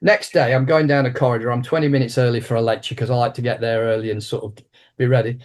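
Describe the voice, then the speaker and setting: A man in his sixties, a martial arts teacher being interviewed, tells a story with animated energy. His voice sits at a middle pitch, and he often restarts and repeats his words as he goes. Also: fast talker.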